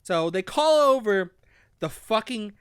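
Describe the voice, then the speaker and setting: A podcast co-host retelling a childhood fantasy book in casual chat, swearing freely and acting out the characters. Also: male voice, high voice, unhurried, clean tone, dry recording, studio quality. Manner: animated storyteller, swears often, acts out characters.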